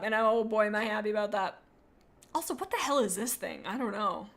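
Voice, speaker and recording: A woman's voice: medium pitch, brisk, creaky, fairly bright tone. A young adult woman streaming live, chatting casually and rambling as she reads chat aloud.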